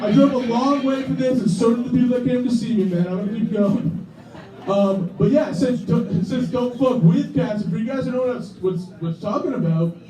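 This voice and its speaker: A man's voice: extremely high pitch, mellow. A man doing a crude, rambling stand-up set in a small comedy club. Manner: crude, rambling, nervous asides. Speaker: stand-up comic. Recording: echoey club, far from the mic.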